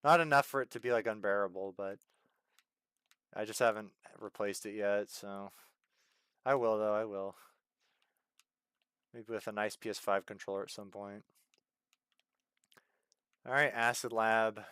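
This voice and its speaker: A man with a hoarse voice chatting casually while streaming a game, ranting in exasperation and swinging between loud outbursts and low mutters into a desk mic. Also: fairly even intonation, unhurried, long pauses, dry recording, studio quality. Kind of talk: casual gameplay stream chat.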